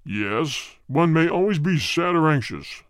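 A man voicing a male spirit who speaks through a medium, with a deep, cold, hard voice and a terse, aloof manner, in an audiobook reading. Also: very animated, unhurried, clear, resonant tone, no echo, clean studio sound. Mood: cold, solemn.

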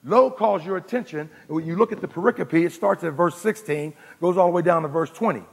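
A man preaching a sermon as pastor, calling out to the congregation and swinging from loud to hushed. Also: fairly high pitch, fairly quick, gravelly, slightly rough, big-room sound.

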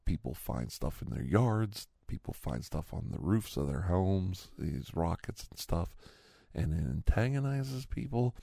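Low gravelly middle-aged man, indignant. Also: expressive, a little slow, dark tone, no room sound. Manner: indignant, rambling, with restarts. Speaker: storyteller in a role-play. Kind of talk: casual storytelling.

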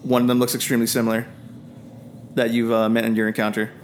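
A man narrating as dungeon master, halting with fillers and restarts. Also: mid-range voice, completely flat delivery, a little hiss or hum. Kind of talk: narrating a tabletop game.

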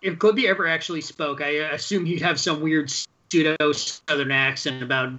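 A man co-hosting a casual podcast, joking in a halting way and laughing easily. His voice is a little high and very bright. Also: fairly even intonation, lo-fi sound. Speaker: podcast co-host.

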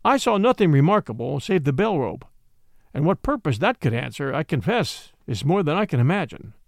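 A man's voice: fairly high pitch, sing-song, normal speed, vocal fry, dry recording, studio quality. A man voicing a loyal, earnest male doctor who questions and puzzles things over.

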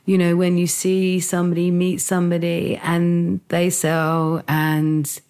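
Woman, a little low-voiced, halting interview guest on the edge of tears, lots of restarts. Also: completely flat delivery, a little mellow, smooth. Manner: halting, tearful, many restarts and fillers. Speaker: podcast guest, founder of an arts organisation. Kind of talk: emotional interview talk.

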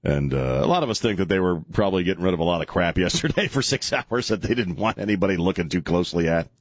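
Lively joking talk radio host, dry studio sound. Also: male voice, deep voice, fast, dry recording. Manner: rambling, joking, chuckling often. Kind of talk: casual on-air talk radio banter. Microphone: studio broadcast mic.

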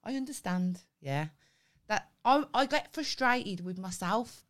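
A woman's voice: mid-range voice, lively intonation, unhurried, fairly bright tone. A woman co-hosting a comedy podcast in casual chat, defensive and earnest, laughing often. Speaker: podcast co-host.

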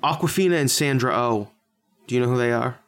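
A man's voice: mid-range voice, brisk. A man hosting a podcast in casual chat, crude, joking and offhand. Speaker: podcast host.

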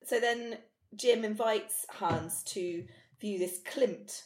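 A woman's voice: medium pitch, slow pace. A woman from Britain co-hosting a podcast, chatting casually as she recaps a TV episode with plenty of fillers. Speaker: podcast co-host. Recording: roomy echo.

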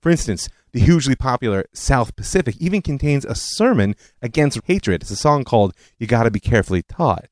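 A man's voice: medium pitch, expressive, fairly quick, hardly any pauses, no echo. A man hosting a history podcast, telling it as a story with conversational asides. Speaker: podcast host. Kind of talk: scripted history narration.

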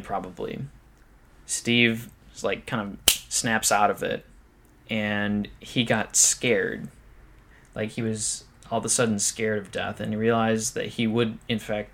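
A man's voice: fairly low pitch, a bit bright. A man co-hosting a podcast, telling a survival story in a loose, chatty way, swearing freely and laughing often. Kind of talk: casual storytelling chat.

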